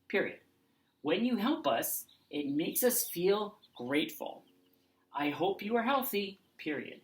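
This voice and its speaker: This is an online class for young kids, led by a woman whose low voice swings widely in pitch. Slowly, she voices every word while writing it down, with a spacious echo around the sound.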